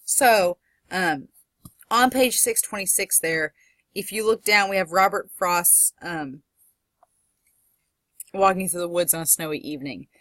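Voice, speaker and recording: Woman professor lecturing, lowish voice. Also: a bit bright, no room sound. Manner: explains step by step, reads poetry aloud slowly. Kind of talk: recorded lecture.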